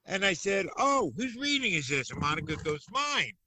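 High, bright-voiced man telling teasing stories. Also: big pitch swings, brisk, a little hiss or hum. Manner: playful, teasing, mimics others' voices. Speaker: guest, occult teacher and shop owner. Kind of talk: animated storytelling.

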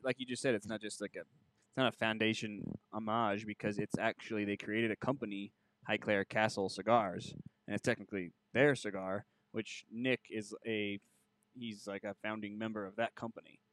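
A man in a casual podcast chat, explaining haltingly with lots of "like". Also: lowish voice, steady tone, a bit bright, no room sound. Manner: halting, stacks up "like".

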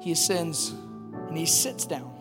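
A man preaching a sermon, swinging between loud bursts and quiet, hushed drops. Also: on the high side, animated, measured pace. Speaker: pastor. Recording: long hall reverb with faint music.

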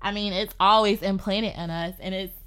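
A woman telling a personal story in casual podcast chat, animated and filling her talk with "like". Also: mid-range voice, normal speed, clear, resonant tone. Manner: animated, lots of "like". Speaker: podcast guest.

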